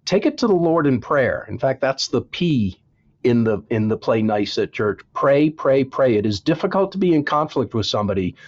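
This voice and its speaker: A man's voice: mid-range voice, big pitch swings, normal speed, a little mellow, lo-fi sound. A man, an author being interviewed, giving earnest advice and repeating words for emphasis. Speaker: author and guest. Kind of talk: interview, preaching-style advice.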